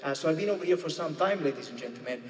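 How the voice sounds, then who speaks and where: High-voiced man doing stand-up in a church. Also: lively intonation, racing. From United Kingdom. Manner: chatty, keeps checking in with the audience. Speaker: stand-up comedian. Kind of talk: live stand-up comedy. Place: church used as a venue. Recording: echoey church hall from a distance.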